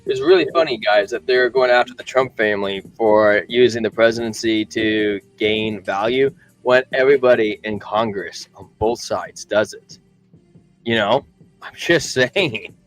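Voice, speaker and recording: A man's voice: on the low side, a little slow, faint music behind, poor audio. Chuckling man on a crypto stream. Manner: joking, chuckling, repeats himself. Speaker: co-host of a crypto livestream. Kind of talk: casual chat and reading news.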